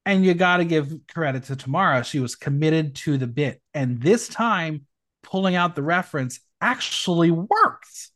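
A man's voice: a little high, lively intonation, normal speed, a bit bright. A man hosting a recap podcast, reading out the episode with playful asides. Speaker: podcast host. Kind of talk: reality show recap podcast.

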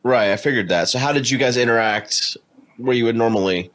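A man's voice: mid-range voice, a little fast, fairly bright tone. A man interviewing guests with short, curious questions.

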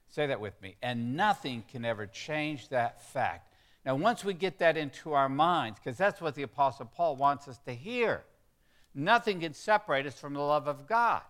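A man's voice: medium pitch, lively intonation, a little slow, a bit bright. A pastor preaching a sermon. He stresses key words and gets the congregation to repeat lines back to him. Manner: emphatic, leads the congregation in call-and-response.

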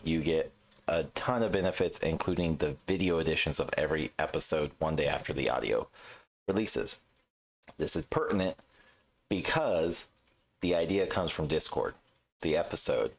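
A man's voice: rumbling low, lively intonation, normal speed. A man co-hosting a podcast in casual chat, blunt and teasing, swearing freely. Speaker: podcast co-host.

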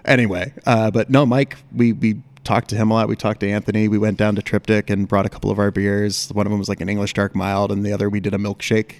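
A man's voice: fairly low pitch, little pitch movement, fast talker, hardly any pauses, darkish tone, dry recording. A man who is a guest on a podcast, talking casually about starting his brewery, friendly and full of filler words. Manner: friendly, backchannels a lot, fillers. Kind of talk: casual chat.

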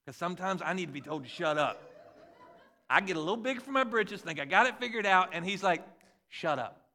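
A man in his forties, a pastor, preaching a conversational and animated sermon with jokes about his kids. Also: high voice, fast talker. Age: 40s.

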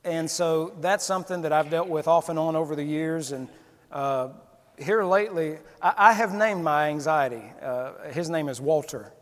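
A preacher giving a candid, conversational sermon and acting out little quotes. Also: male voice, a little high, normal speed. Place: church sanctuary. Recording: long reverb of a church hall.

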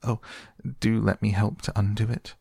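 A man voicing Alice, a polite, eager young girl in a storybook reading, gently pleading. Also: lowish voice, flat delivery, normal speed, gravelly, slightly rough, no echo, studio quality, pitched above the performer's own voice.

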